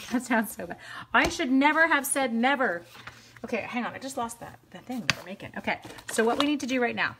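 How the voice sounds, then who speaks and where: A woman's voice: on the high side, a bit bright, a little hiss or hum. A woman demonstrating card stamping live, talking each step through in a chatty, bubbly way and addressing viewers by name. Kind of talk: casual live crafting demo.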